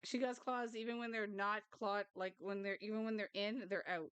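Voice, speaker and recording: A woman's voice: mid-range voice, steady tone, moderate pace, hardly any pauses, a bit bright, clean tone, no echo. A woman chatting casually on a live stream, playfully cooing at her cats close to the mic.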